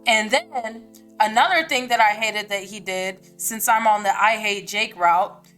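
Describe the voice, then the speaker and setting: A woman's voice: mid-range voice, a little slow, a bit bright, soft background music. A woman hosting a podcast, giving a casual book reaction in a blunt, slangy, profane way with lots of "like" fillers. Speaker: podcast host.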